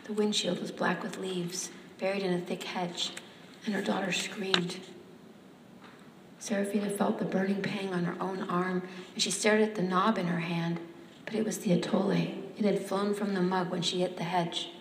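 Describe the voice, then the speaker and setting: A woman reads a story aloud to a live audience in a measured, even storytelling manner. Her delivery stays fairly flat in pitch. The sound is roomy with a long hall reverb and faint background noise. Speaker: author or reader at a reading.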